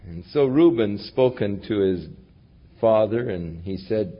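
A male pastor delivering a sermon with emphatic swings between booming declarations and hushed passages. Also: animated, moderate pace. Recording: dull lo-fi recording.

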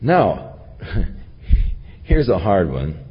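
A man preaching in a slow, husky voice that swings widely up and down in pitch. The recording is dull and lo-fi, with a long echo from a large hall behind him. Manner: slow, earnest Bible teaching with lively rises in pitch. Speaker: pastor. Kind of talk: sermon.

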